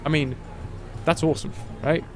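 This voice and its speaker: A man's voice: fairly high pitch, steady tone, normal speed, slight background noise. A man streaming a game, chatting casually in a rambling, jokey way that keeps breaking off and restarting. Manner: rambling, jokey, self-interrupting. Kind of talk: casual gameplay commentary.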